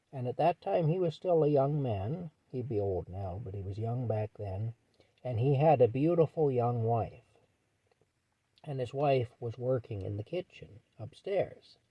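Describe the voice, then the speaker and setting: A man's voice: mid-range voice, dry recording. Guy rambling through a story in his truck, says anyway a lot, dry close sound, kinda muffled. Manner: rambling, repeats "anyway" often. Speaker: vlogger. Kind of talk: casual storytelling.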